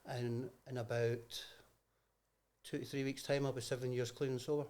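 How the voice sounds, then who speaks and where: A man's voice: medium pitch, flat delivery, moderate pace, darkish tone. Easygoing Scottish man, middle-aged. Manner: good-humoured, self-deprecating, easygoing. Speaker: wedding celebrant guest. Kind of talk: casual interview chat.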